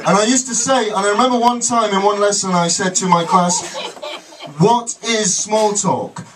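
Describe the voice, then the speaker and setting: A man's voice: high voice, brisk, noisy background. A man performing a live stand-up set, telling stories in a rambling, ironic way. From Britain. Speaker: stand-up comedian. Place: comedy club with audience. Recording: distant mic, loud crowd laughter.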